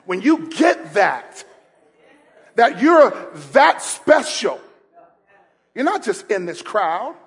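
A man preaching a sermon as pastor, laughing between lines and building to shouted, repeated calls to the congregation. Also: high voice, very animated, slow, pauses often, husky. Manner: repeats phrases, laughs while speaking.

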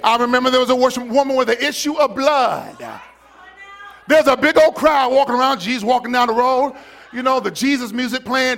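Animated preacher, gravelly voice, shouting. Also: male voice, very high voice, a little fast. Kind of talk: sermon.

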